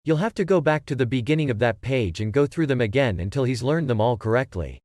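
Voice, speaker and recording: A man reading the lines of a calm male lab experimenter in a patient, matter-of-fact way. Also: mid-range voice, quick pace, dry recording, clean studio sound, lightly acted. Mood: level, insistent.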